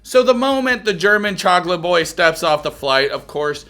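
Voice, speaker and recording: A man hosting a comedic reality-show recap, crude and mocking, often breaking into shouted rants. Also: sits high, lively intonation, moderate pace, soft background music. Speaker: reaction video host.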